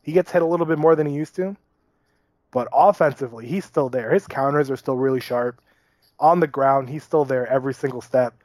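Male podcast co-host, mid-pitched, dry close sound, wry fight analyst. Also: brisk, darkish tone, dry recording. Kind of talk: casual sports chat.

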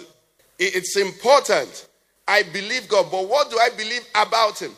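Pastor preaching in a reverberant hall. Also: male voice, sits high, moderate pace, bright, forceful tone. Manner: asks the congregation questions and has them fill in the answer. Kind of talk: sermon. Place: church hall. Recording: long church reverb.

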